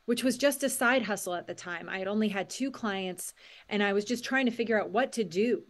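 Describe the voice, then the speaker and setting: A middle-aged woman, a mindset coach and author, talking as a podcast guest, animated and acting out quotes with frequent laughs. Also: mid-range voice, a little fast. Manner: animated storyteller, acts out quotes and laughs often. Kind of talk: podcast interview.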